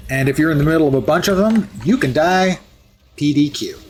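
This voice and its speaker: A man's voice: a little high, a little fast. A man streaming live, chatting through gameplay with wry asides and jokes.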